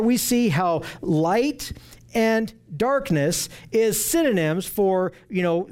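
Earnest male Bible teacher with a high voice, slow deliberate scripture reading. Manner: earnest, emphatic, repeats phrases for stress.

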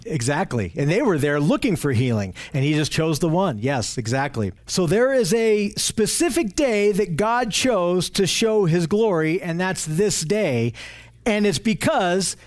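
Man with a high voice leading a group Bible study, earnest and explanatory. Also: big pitch swings, unhurried. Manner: earnest and explanatory, often asks the group questions.

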